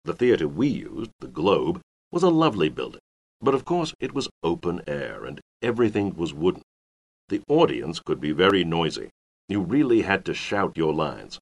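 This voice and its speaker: A man's voice: low voice, sing-song, exaggerated voice. A man playing a reflective old playwright. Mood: reminiscing. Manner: measured, reflective first-person reminiscing. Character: older male Elizabethan playwright looking back. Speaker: playwright persona in a listening exercise. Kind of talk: scripted listening exercise, repeated lines.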